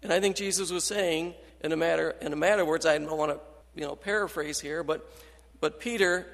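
An earnest male Christian counselor teaches in a sermon style, often stopping to restart a phrase. His voice sits a bit high and has a gravelly fry. The sound rings with the long reverb of a hall. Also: fairly even intonation, fairly bright tone. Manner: earnest, halting, with restarts and scripture quotes.

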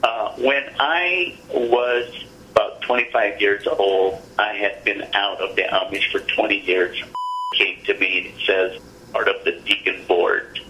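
A man's voice: on the low side, measured pace, pushed and bright, low-quality recording. A middle-aged man, an interview guest, telling a personal story in an earnest, plainspoken way.

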